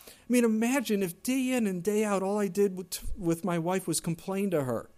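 A man's voice: high-pitched, normal speed, a little mellow. A middle-aged man preaching a sermon in a conversational way, now and then acting out whiny complaints in a raised voice. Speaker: pastor.

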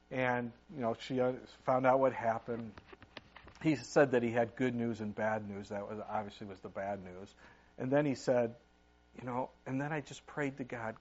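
A man's voice: medium pitch, normal speed, lo-fi sound. Older male pastor preaching with dynamic force. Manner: preaches with sudden rises and drops in loudness, reads scripture aloud. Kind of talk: sermon.

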